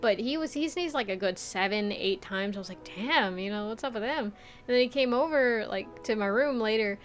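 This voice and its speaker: Young woman streamer yapping, kinda high voice, like like like everywhere, music faint behind. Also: moderate pace. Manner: rambling, heavy filler words, frequent laughter, swears casually. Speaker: VTuber streamer. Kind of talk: casual chat reading viewer comments.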